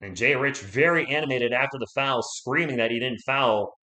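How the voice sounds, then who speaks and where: Guy, bright tone, fan play-by-play caller, erupts into shouts on big plays, voice going hoarse. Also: medium pitch, normal speed. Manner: excitable, swings from calm calls to shouting at big plays. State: losing his voice. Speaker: livestream play-by-play host.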